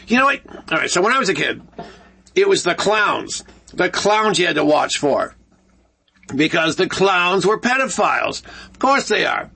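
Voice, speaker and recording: Gravelly high-voiced ranting male host. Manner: animated, sarcastic, ranting. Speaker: talk show host. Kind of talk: solo ranting commentary. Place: broadcast studio, alone.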